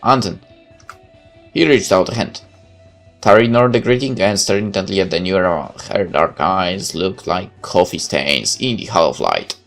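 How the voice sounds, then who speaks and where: A man's voice: deep voice, animated, moderate pace, vocal fry, faint music behind. A man reading a visual novel aloud as narrator, with occasional casual asides.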